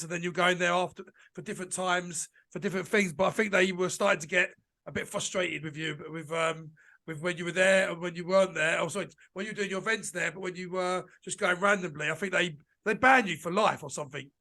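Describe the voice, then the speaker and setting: A man hosting a podcast interview, reacting and asking quick, winding questions with British slang. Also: high voice, steady tone, sharp tone. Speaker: podcast host. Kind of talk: casual interview.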